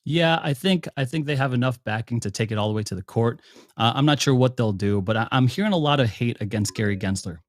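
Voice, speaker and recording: A man's voice: mid-range voice, fast, dry recording, clean studio sound. A man as a panel guest in casual chat, explaining step by step and checking in with "okay". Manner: explaining, keeps saying okay.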